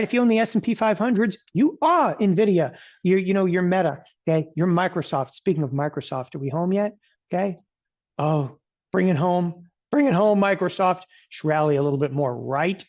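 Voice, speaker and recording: A man's voice: on the high side, a little mellow, lo-fi sound. A middle-aged man giving a live market lesson, talking casually with jokey asides, tossing in "okay" and mock quotes. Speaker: trading educator.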